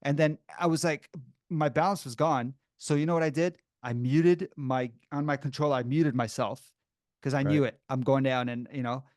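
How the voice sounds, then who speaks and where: A man's voice: mid-range voice, fairly even intonation, normal speed, a little mellow, dry recording, studio quality. A man co-hosting a podcast, telling funny stories in a casual chat, laughing often and acting out other people's voices. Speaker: podcast co-host.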